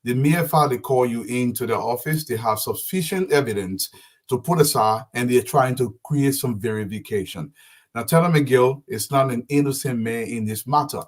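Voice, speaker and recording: A man's voice: medium pitch, normal speed. A man arguing insistently as a panelist on a political talk show. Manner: forceful, insistent, lecturing.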